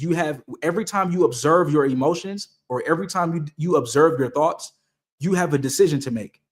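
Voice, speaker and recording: A man's voice: a little high, fairly quick. A young man hosting a Q&A, talking casually and giving motivational advice, repeating his key points and using slang. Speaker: host answering viewer questions.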